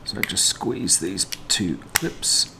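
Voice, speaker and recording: A man hosting a casual teardown demonstration, talking in a relaxed, hesitant way with frequent ums as he explains. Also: sits low, takes it slowly, creaky, background noise. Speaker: vlog host.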